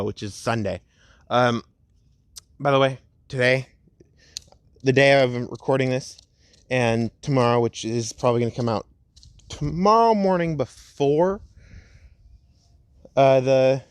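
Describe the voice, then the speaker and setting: A young man at home casually narrating a fan story, rambling and laid-back, slowing down for the dramatic parts. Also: mid-range voice, clean tone, no echo, studio quality.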